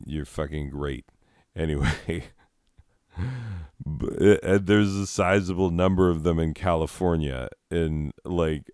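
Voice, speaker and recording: A man's voice: low voice, darkish tone, clear, resonant tone, dry recording, clean studio sound. A man telling a rambling, profane story in casual podcast chat, chuckling and meandering as he goes. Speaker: comedy podcast host.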